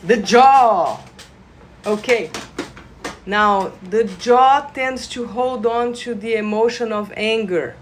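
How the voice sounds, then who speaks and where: A woman leading a live energy-healing session, guiding listeners with gentle instructions and sudden bursts of excited laughter. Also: on the high side, slow pace, slight background noise. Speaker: reiki practitioner. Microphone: phone livestream.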